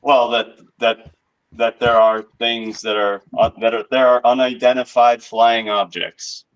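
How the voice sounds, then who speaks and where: A man in a casual group discussion who sounds skeptical and halting. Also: medium pitch, little pitch movement, muffled recording.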